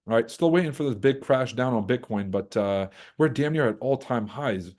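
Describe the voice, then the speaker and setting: A man's voice: medium pitch, fairly quick, few pauses. A man hosting a trading livestream, ranting casually and with lots of swearing, and now and then mocking others in put-on voices. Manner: profane, animated, mocks others in put-on voices. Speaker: livestream host.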